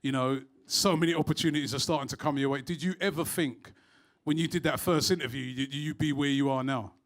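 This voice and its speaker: A man's voice: medium pitch, a little fast. A man hosting a live show, telling stories energetically and throwing in "right?". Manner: energetic, storytelling, rhetorical "right?". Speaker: host.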